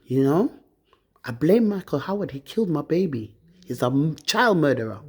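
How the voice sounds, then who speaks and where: Husky woman in a bitter rant. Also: low-pitched, big pitch swings, moderate pace, darkish tone. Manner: bitter, accusing, swearing. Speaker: vlogger. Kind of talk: angry personal rant to camera. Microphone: phone.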